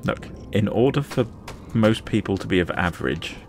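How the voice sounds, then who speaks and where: A man with a lowish, very lively voice banters playfully while gaming. His voice chat has clear background noise. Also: normal speed. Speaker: game player.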